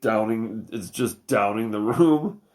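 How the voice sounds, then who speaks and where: Slow-talking man with dry quips. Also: on the low side, a little mellow, slight background noise. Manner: short reactions, dry jokes, profane. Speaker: podcast co-host. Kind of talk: casual chat.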